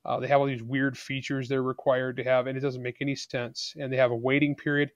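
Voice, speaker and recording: A man's voice: mid-range voice, level tone, brisk, dry recording, highs cut off. A man speaking as an author and guest on a podcast interview, arguing his points bluntly and with emphasis.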